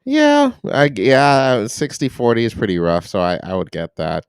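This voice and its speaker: A man's voice: medium pitch, very animated, normal speed, clean tone, dry recording, clean studio sound. Joking, swearing young male co-host. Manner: swearing, joking, breaks into mocking voices. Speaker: podcast co-host. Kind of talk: casual chat.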